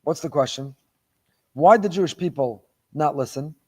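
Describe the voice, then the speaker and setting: A man's voice: on the high side, moderate pace. A middle-aged man, a rabbi giving a Torah lecture, who talks emphatically and repeats phrases for stress.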